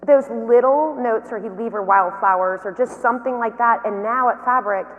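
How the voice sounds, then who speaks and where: A woman giving a motivational keynote talk, telling anecdotes in a lively, storytelling way. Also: on the high side, unhurried, narrow, tinny audio, soft background music. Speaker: keynote speaker and company founder. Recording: long hall reverb.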